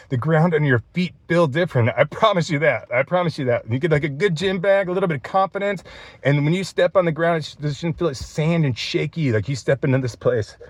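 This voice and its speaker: Choked up and teary, a man in his thirties rambles through an improvised fitness vlog, saying "dude" a lot. His voice sits on the high side, with no echo in the recording.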